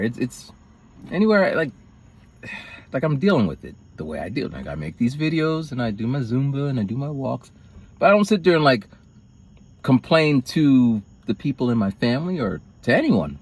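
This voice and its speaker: A man's voice: medium pitch, normal speed, husky. A man telling a personal story in a rambling vlog, acting out other people's lines with big swings of voice. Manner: rambling, animated, acts out quoted lines in raised voices. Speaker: vlogger.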